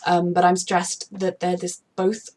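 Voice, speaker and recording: A woman's voice: fairly low pitch, monotone, measured pace, a little mellow. A woman chatting casually and rambling as she reacts to a TV episode, openly anxious about the plot. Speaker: TV reaction YouTuber.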